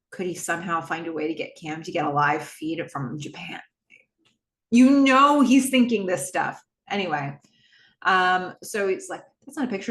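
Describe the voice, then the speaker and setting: A woman's voice: medium pitch, fairly bright tone. Chatty woman podcaster in an echoey room. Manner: chatty, laughs often, jumps into character voices. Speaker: podcast host recapping a TV episode. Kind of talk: casual recap with acted-out quotes.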